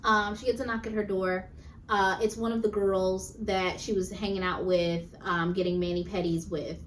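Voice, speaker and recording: A woman's voice: medium pitch, level tone, normal speed, far from the mic, slight background noise. A woman co-hosting a podcast, casually chatting through a movie's plot. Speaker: podcast co-host. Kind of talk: casual movie recap chat.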